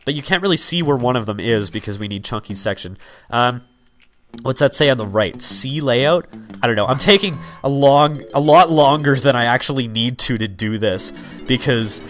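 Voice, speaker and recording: A man's voice: medium pitch, big pitch swings, fairly quick, fairly bright tone, faint music behind. Rambling young man narrating gameplay. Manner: rambling, full of fillers and 'like'. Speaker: let's player. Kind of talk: casual gameplay commentary.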